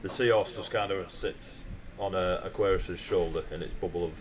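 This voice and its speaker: A man narrating as game master of a tabletop game over a video call, relaxed and chuckling. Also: deep voice, moderate pace, noisy background.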